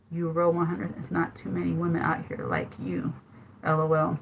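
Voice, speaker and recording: A woman's voice: on the low side, expressive, moderate pace, creaky. A middle-aged woman hosting a casual advice livestream, telling a candid story in a chatty way and laughing often. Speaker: livestream host giving life advice. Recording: dull lo-fi livestream audio.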